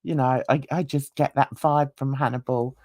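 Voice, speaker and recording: A woman's voice: very deep voice, fairly even intonation, moderate pace, a little mellow, no echo, studio quality. A middle-aged woman hosting a livestream panel, chatting in a rambling way with many fillers. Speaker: livestream host. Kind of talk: casual panel chat.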